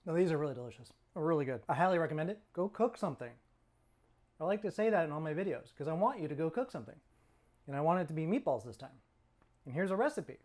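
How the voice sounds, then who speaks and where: A man's voice: on the high side, lively intonation, fast, a little mellow. A middle-aged man from California, hosting his own cooking channel in a chatty, rambling way with self-mocking jokes, sometimes talking while he eats. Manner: talks while eating. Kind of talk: casual cooking vlog.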